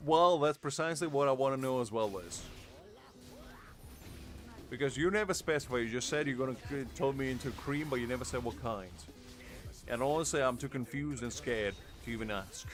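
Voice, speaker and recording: A man's voice: medium pitch, fairly quick, soft background music. A man streaming a video game, bantering in a playful, mock-exasperated way. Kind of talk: casual live-stream banter.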